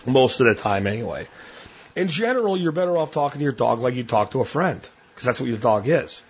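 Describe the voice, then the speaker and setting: Podcast host, male, blunt and plain-spoken, husky tone, dull lo-fi sound. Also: mid-range voice, lively intonation, fairly quick. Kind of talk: casual monologue.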